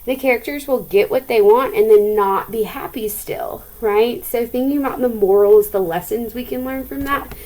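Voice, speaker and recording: A woman's voice: on the high side, normal speed, hardly any pauses, darkish tone, low-quality recording. Woman teacher reading a story aloud. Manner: chatty, asks the listeners questions.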